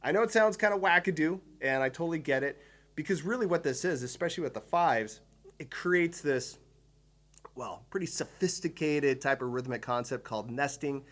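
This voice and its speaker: A drum teacher in an instructional video lesson explains patterns step by step, counting the beats aloud with enthusiasm. His voice is fairly high and a bit bright, at a moderate pace.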